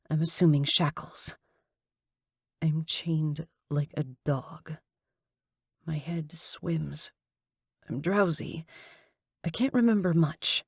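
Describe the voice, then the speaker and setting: A woman reads an audiobook in the first person, slow and deliberate with a gravelly fry. Her tone is husky and lowish. The recording is close and dry. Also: darkish tone, no echo. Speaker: audiobook narrator.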